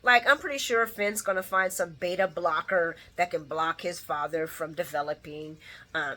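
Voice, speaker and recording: A woman casually recapping a soap opera episode, animated, acting out the characters' lines and often laughing. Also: deep voice.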